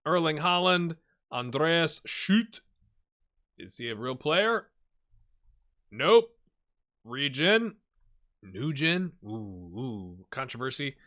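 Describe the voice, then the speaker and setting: A man narrating a game on his channel in a casual, chatty way, puzzling over results out loud. His voice is bright and forward. His pitch bounces around a lot as he reacts. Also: lively intonation, takes it slowly, long pauses. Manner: chatty, thinks aloud, reacts with surprise. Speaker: gaming YouTuber. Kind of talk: casual video game commentary.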